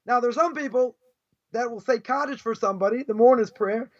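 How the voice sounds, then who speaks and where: A man's voice: very high-pitched, fairly quick, highs cut off. A man teaching as a rabbi in a live class, pressing his points with scornful rhetorical questions. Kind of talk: live Torah lecture.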